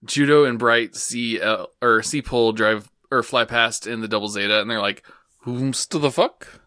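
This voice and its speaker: A man's voice: on the low side, fairly even intonation, moderate pace, pushed and bright, clear, resonant tone, dry recording, studio quality. A man co-hosting a casual podcast, recapping an anime episode in an amused way and swearing casually. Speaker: podcast co-host.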